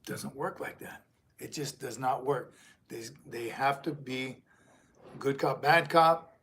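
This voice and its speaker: A man's voice: medium pitch, slow pace, creaky, fairly bright tone, a little hiss or hum. A middle-aged man, a retired Marine sergeant major, hosting a casual livestream and rambling as he reads viewer comments aloud.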